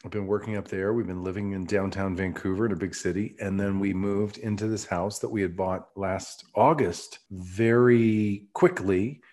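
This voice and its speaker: Low-voiced, relaxed middle-aged male co-host. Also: moderate pace, few pauses. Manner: relaxed, warmly enthusiastic storytelling. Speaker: podcast co-host. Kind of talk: casual podcast chat. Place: newly set-up home studio.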